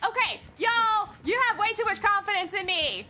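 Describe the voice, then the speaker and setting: A woman streamer giving excitable, laughing commentary on her gameplay as she talks to the teammates on screen. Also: very high voice, moderate pace.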